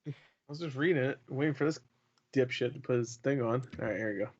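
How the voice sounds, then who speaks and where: A man's voice: medium pitch, quick pace, dull audio. Profane man on a gaming podcast. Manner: loose, profane, jokey. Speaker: podcast co-host. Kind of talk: casual gaming podcast banter.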